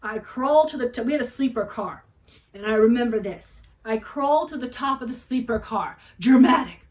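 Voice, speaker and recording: A woman in her forties vlogging a personal story. She talks in a dramatic, chatty way and keeps checking in with tag questions. Her voice sits slightly high. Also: moderate pace, poor audio. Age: 40s.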